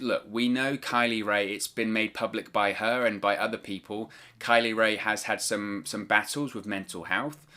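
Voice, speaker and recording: A man's voice: on the low side, bright, forceful tone. A man giving solo wrestling news commentary as a vlogger, talking hesitantly and repeating words as he chooses them carefully.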